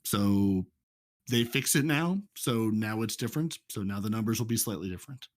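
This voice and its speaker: Deadpan low-voiced American man. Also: normal speed, no echo, clean studio sound. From United States. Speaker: podcast co-host. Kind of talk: casual podcast chat reading game patch notes.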